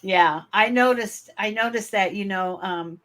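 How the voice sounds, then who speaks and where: A woman's voice: mid-range voice, unhurried, a bit bright. A woman from Michigan with a northern US accent, hosting a podcast interview in a friendly, chatty way with fillers. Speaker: podcast host. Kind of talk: casual interview.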